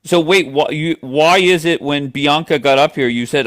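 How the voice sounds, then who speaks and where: A man's voice: a little high, normal speed, fairly bright tone. A man hosting a live stream debate, blunt and mocking as he questions callers. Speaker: livestream host.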